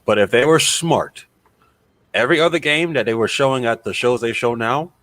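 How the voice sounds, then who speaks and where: A man on a casual gaming podcast who muses and speculates out loud. He swears offhandedly as he talks. His voice sits at an ordinary pitch. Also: normal speed, no room sound.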